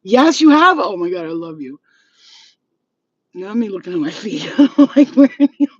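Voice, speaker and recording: A woman hosting her channel, telling stories to viewers in a profane, laughing, animated way. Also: mid-range voice, moderate pace, breathy edge, dry recording, dull audio. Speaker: channel host. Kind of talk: casual storytelling to viewers.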